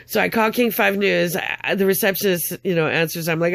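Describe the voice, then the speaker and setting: An older woman with a gravelly, fry-laced voice recounts her story in a rambling, upset way. She stumbles over restarts and laughs bitterly between sarcastic remarks. The sound is dry and close. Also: on the low side, fairly quick, no echo. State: upset, tongue-tied. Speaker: vlogger. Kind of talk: casual storytelling monologue.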